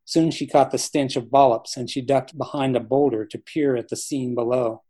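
A man, the author, reading his novel aloud in steady, measured storytelling narration. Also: mid-range voice. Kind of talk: audiobook-style narration.

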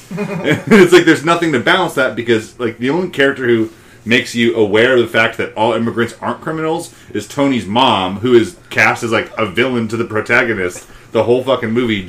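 A man's voice: medium pitch, fairly bright tone. A man co-hosting a movie podcast, ranting and swearing freely in casual discussion. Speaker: podcast co-host.

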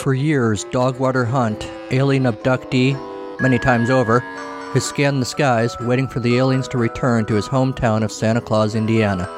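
A man narrating a scripted story as a podcast host, in a wry, measured manner. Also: medium pitch, steady tone, over loud music.

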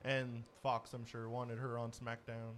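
A man's voice: medium pitch, monotone, a little slow, a bit bright, slight background noise. A man co-hosting a wrestling radio chat with playful teasing. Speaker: radio co-host.

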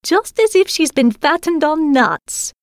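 A greedy, fierce old robber crone with a bearded menace to her, as a woman reader puts her on, drawn out slowly and swooping from low growls up to shrill peaks. The voice sounds strained and unlike the reader's own, recorded dry and close. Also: expressive, dry recording.

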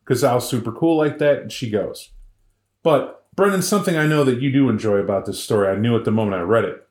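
A podcast co-host tells a story in a casual, lively way, cracking jokes along the way. His voice sits mid-range. The room adds a noticeable echo. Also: medium pitch, fast. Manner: animated, joking, full of voices.

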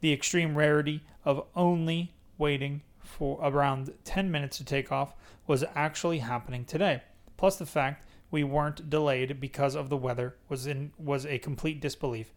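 A man's voice: fairly high pitch, steady tone, normal speed. A man hosting a podcast, reading a memoir aloud in a casual way and stopping to joke about it. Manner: reads plainly, breaks off to joke. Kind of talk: casual read-aloud with banter.

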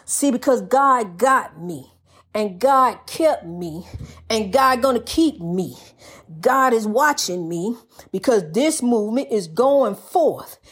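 A woman's voice: fairly high pitch, lively intonation, slow pace, husky. An older woman giving spiritual advice in a folksy, preachy monologue, repeating phrases and calling the listener honey.

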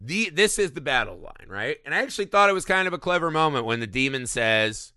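Male podcast co-host, bright and lively delivery, dry close mic, swears freely and voices the quotes himself. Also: fairly high pitch, fairly quick, few pauses, clean tone, no room sound. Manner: animated, profane, acts out quoted lines. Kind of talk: casual movie review chat.

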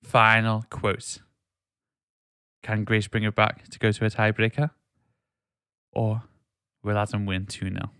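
A man's voice: fairly low pitch, flat delivery, a little slow, long pauses, sharp tone, smooth, no echo, studio quality. A man, hosting a casual podcast quiz in a joking, teasing way. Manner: joking, teasing, reads quiz quotes aloud. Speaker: podcast host running a quiz. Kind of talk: casual chat.

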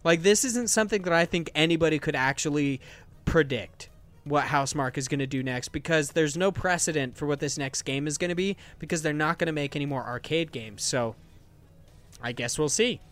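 A man's voice: a little high, fairly quick, fairly bright tone. A man hosting a games podcast, talking casually and with enthusiasm, with many fillers. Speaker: podcast host.

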